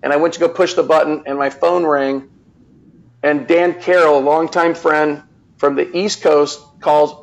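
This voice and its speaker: A man telling a personal story as a guest on a live show, earnest and animated, with many restarts. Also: a little high, moderate pace, vocal fry, poor audio.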